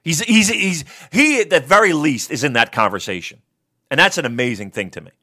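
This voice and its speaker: A man with a bright, higher-pitched voice, co-hosting a casual review podcast. He swears freely and swings widely in pitch, building from easy chat into loud, excitable rants. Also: brisk. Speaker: wrestling podcast co-host.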